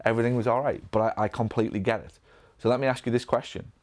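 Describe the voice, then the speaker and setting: A man from England with a Northern English accent, coaching physio business owners in a live Q&A, energetic, with many restarts and acted-out patient lines. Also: mid-range voice, racing. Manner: energetic, repetitive restarts, acts out patient dialogue. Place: event room.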